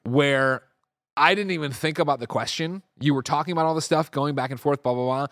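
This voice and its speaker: A man hosting a casual gaming news show, telling stories with animated, excited swings and swearing freely. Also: fairly high pitch, fairly quick, dry recording, studio quality. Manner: animated storyteller, big excited swings when retelling. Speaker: show host.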